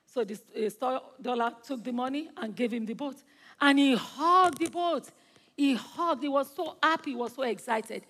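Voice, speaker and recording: A woman's voice: sits high, moderate pace, in a large hall. A woman guest preacher in a large church, praying fervently and telling a story to the congregation. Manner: fervent, rising into praise, then gentle storytelling. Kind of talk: sermon with prayer and storytelling.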